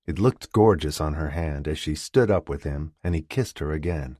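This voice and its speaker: A man narrating an audiobook romance in scripted narration, expressive and shifting voices for characters. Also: very deep voice, moderate pace, hardly any pauses, dry recording, clean studio sound. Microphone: close studio mic.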